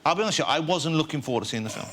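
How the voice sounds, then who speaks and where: A man's voice: on the high side, expressive, racing, a bit bright, a little hiss or hum. A man hosting a talk show, joking and teasing his guests in casual chat. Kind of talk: chatty interviewing. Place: TV studio.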